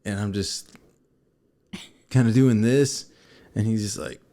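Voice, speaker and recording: A man co-hosting a casual show, telling a personal story to viewers in an animated way and acting out scenes. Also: on the low side, slow pace. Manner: animated, acts out scenes and quotes. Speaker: co-host.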